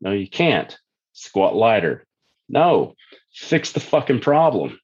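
Blunt, profane low-voiced man. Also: very animated, slow pace, a little mellow, slightly rough, dull audio. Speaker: strength coach guest. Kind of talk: casual podcast chat.

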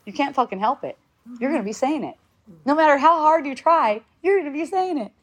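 A woman's voice: sits high, expressive, fairly quick. A woman in her fifties talking casually to a group, rambling with restarts, swearing freely and laughing often. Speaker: speaker in a group talk.

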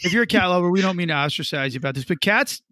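Animated bright-voiced man. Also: sits high, rapid-fire, no room sound. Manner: animated storyteller, loud outbursts. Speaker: podcast co-host, police officer. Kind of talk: casual chat.

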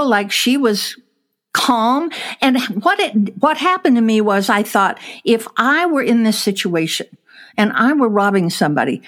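Woman storyteller, lively, voices the quotes in her story, casual chat. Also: mid-range voice. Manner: animated storyteller, acts out quotes, laughs while telling. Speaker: storyteller guest.

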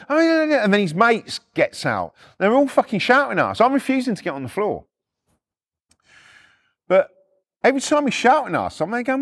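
Blunt, lively middle-aged man. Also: moderate pace, no room sound, clean studio sound. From United Kingdom. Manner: blunt, swearing, acts out quotes with shifts in pitch. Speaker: podcast storyteller. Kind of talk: casual first-person storytelling.

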